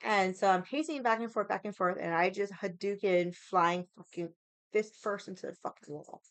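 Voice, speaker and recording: Woman streamer, chatty and profane, rambling delivery, dry close sound, mid pitch. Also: normal speed, no room sound. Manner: profane, rambling, heavy use of "like". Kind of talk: casual storytelling chat.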